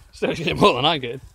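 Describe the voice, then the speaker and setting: A man's voice: a little high, creaky, a bit bright. An Irish man in casual joking banter on a walk, swearing and laughing often, recorded on a phone outdoors with noise. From Ireland. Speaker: vlog co-host. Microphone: phone held while walking.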